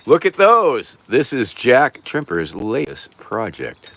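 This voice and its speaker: A man's voice: medium pitch, wildly swooping pitch, takes it slowly, a bit bright, slight background noise. An older man hosting a casual livestream, rambling loosely and irreverently as he thanks viewers by name. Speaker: livestream host. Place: home, near a porch.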